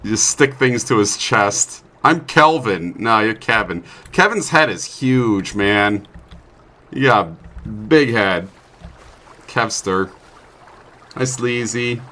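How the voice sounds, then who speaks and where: A man's voice: lowish voice, takes it slowly, pauses often, bright, forceful tone. A young man commentating his own gameplay in a chatty, self-mocking way, with sudden startled outbursts. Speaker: streamer playing a survival game. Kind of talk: let's play commentary.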